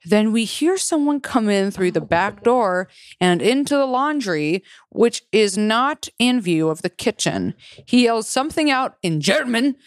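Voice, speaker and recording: A woman's voice: fairly high pitch, expressive, a little slow, dry recording, clean studio sound. A woman co-hosting a comedy podcast, reading a story aloud in a casual way, swearing a lot. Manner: swears a lot and laughs often.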